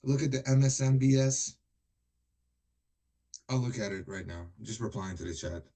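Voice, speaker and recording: A man's voice: mid-range voice, normal speed, dark tone. A man from Iran hosting a live stream from his home kitchen, replying to viewers in a heated, blunt way. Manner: heated and blunt, with rising anger. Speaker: livestream host.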